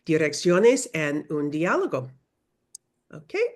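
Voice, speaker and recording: A middle-aged woman teaching a beginner Spanish class over a video call, modeling sounds slowly for students to repeat. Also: low voice. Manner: lively, drawn-out modeling of sounds for repetition. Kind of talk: online class instruction.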